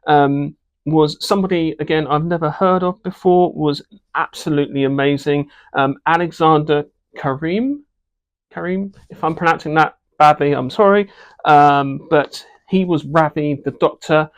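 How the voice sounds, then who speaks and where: A man giving a casual, unscripted movie review, hesitant and filling pauses with ums and uhs while voicing frank opinions. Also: on the high side, clear, resonant tone.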